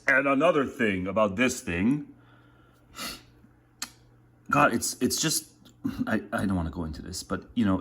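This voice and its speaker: A man's voice: low-pitched, a bit bright, husky. A man vlogging in a casual, meandering way, full of filler words, talking while making dinner. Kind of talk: casual rambling monologue.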